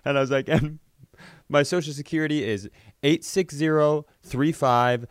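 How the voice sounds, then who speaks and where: A man's voice: on the high side, normal speed, smooth, dry recording, studio quality. A man hosting a comedy podcast, telling a story casually and acting out the phone voices with laughs along the way.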